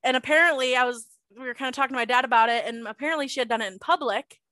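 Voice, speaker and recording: Bright, dry-voiced young woman podcaster. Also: high-pitched, rapid-fire, dry recording. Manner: gossipy, exasperated storytelling. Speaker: podcast co-host. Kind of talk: casual chat.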